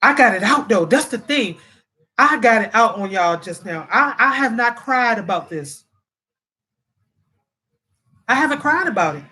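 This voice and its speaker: Her voice sits on the high side, bright and forceful, as this livestream host reads viewer comments in a casual chat. She is nearly crying, addresses her audience directly, and keeps saying things over again.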